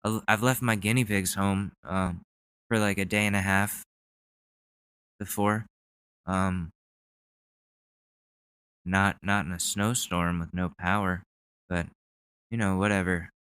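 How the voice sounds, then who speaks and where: A man's voice: deep voice, fairly even intonation, unhurried, long pauses, a bit bright, smooth, no room sound. A man hosting a podcast, chatting casually in a loose, joking and profane way. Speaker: podcast host. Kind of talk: casual chat.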